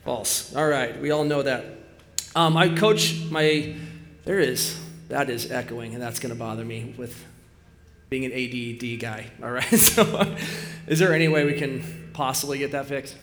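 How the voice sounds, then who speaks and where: A middle-aged man giving a sermon, joking and telling animated stories, in a hall with some echo. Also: medium pitch, a little slow. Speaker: speaker at a church service.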